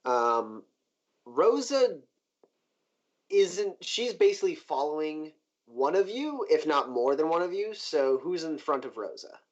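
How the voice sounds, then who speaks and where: A man running a tabletop game in a loose, chatty way, with plenty of fillers. His voice sits fairly high. The recording sounds dull and lo-fi. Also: big pitch swings, measured pace. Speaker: game master. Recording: dull lo-fi stream audio.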